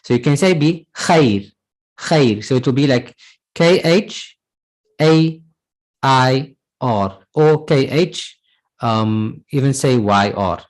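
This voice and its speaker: A man's voice: medium pitch, slow pace, rough recording. A man teaching an Arabic class, patiently repeating words and checking in with "right?" as he explains. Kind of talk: online class lesson.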